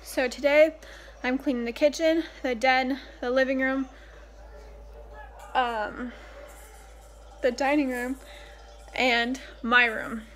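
A woman's voice: high-pitched, fairly even intonation, slow pace, long pauses, a bit bright, soft background music. A young woman talking casually and upbeat in a home vlog, recorded at home. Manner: chatty, upbeat, scolding the dog in between. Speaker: vlogger. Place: at home indoors.

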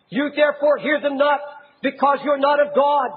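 A man preaching an impassioned sermon as a pastor, often raising his voice to a shout. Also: extremely high pitch, fairly even intonation, moderate pace, dull audio.

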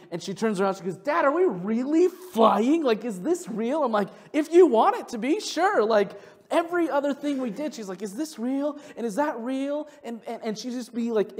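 A man who is a pastor, preaching a sermon and telling a family story with lively acted-out dialogue. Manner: storytelling, acts out family dialogue with big pitch jumps.

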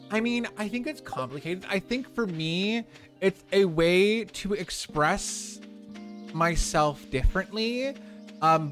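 Young guy streamer in drag, chatty, lotsa ums, slightly high voice, quiet game music under it. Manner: chatty, answers chat questions warmly with many fillers. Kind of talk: casual live-stream chat.

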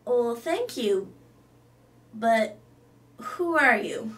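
A woman's voice: fairly high pitch, animated, a little slow, distant mic. A woman hosting a comedy sketch, weary and patient. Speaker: host.

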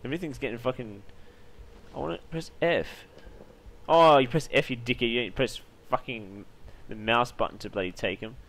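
A man giving loud, jumpy, swearing commentary while playing a horror game. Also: mid-range voice, a little fast. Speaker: gaming YouTuber.

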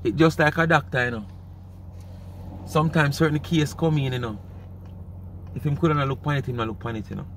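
A man's voice: medium pitch, fairly quick, long pauses, fairly bright tone, a little hiss or hum. A man with a Jamaican accent speaking patois, hosting casual commentary in an emphatic, repetitive way. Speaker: commentary channel host.

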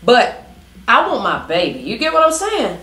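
A woman's voice: fairly high pitch, wildly swooping pitch, normal speed, fairly bright tone. A woman co-host in a casual chat, emphatic and slangy. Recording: echoey room.

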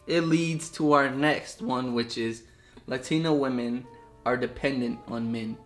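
A young man co-hosting a couple's vlog, reading prompts slowly and teasing his partner. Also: mid-range voice. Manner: teasing, reads lines slowly and deadpan. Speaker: vlogger co-host reading prompts. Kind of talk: casual couple reaction chat. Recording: echoey room with faint music.

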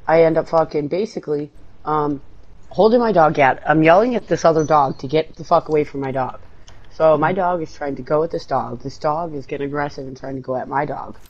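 A man's voice: a little high, brisk, lo-fi sound. Foul-mouthed man telling a rambling story. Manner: swears constantly, loud outbursts when losing. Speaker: co-player. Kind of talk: casual gaming chat.

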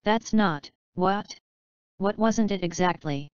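Indignant sarcastic dead man, snippy and loud, read by a woman, smooth clear tone, dull lo-fi sound. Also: mid-range voice, takes it slowly, no room sound, close to an everyday voice. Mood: shaken.

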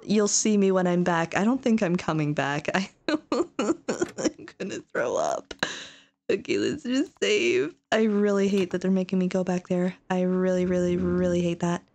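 A woman's voice: lowish voice, moderate pace, few pauses, darkish tone. A woman streaming a horror game live, frightened, pleading and repeating herself with bursts of nervous laughter. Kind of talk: live gameplay commentary.

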